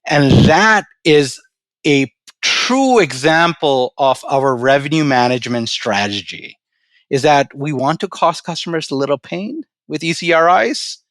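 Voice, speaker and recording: A man telling a story and answering questions as a podcast guest, relaxed and often repeating his words. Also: on the high side, unhurried, dry recording. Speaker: podcast guest, storage company president. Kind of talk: casual interview talk and storytelling.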